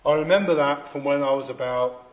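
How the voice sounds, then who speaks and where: A man's voice: medium pitch, a little fast. Man preaching in an echoey hall. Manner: emphatic, repeats phrases for effect. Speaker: visiting preacher. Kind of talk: sermon. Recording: echoey, slightly dull hall recording.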